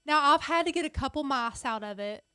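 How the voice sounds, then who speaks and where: A talkative woman chatting casually as a craft video co-host. Her voice is high. The sound is dry and close. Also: expressive, a little fast, pushed and bright, no echo. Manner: talkative, chimes in often. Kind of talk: casual chat.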